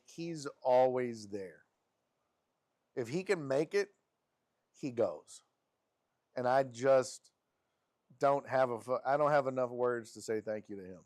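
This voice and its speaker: A man hosting a sports live stream, reading viewer messages aloud in an animated, affectionate way. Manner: animated and affectionate, with frequent laughs and pitch jumps.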